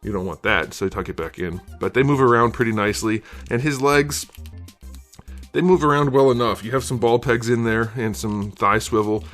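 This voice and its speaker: A man's voice: mid-range voice, moderate pace, a bit bright, faint music behind. A man talking casually through an action figure review, slightly out of breath from being sick, rambling with fillers and hedges. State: out of breath from illness. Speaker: toy reviewer.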